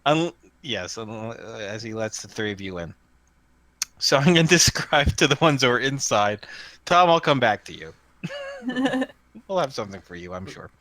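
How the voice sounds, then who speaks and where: A man's voice: mid-range voice, very animated, normal speed, long pauses, sharp tone, dry recording. A man narrating as game master of a tabletop role-playing game, describing scenes with many fillers and restarts.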